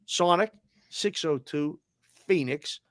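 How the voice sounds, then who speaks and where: This man speaks in a Boston accent with a fairly high voice. He hosts a casual sports talk show and fires off energetic listener shout-outs. The sound is dry and close. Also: slow, no echo. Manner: energetic, shout-outs with area codes and towns. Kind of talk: roll call of listeners, casual.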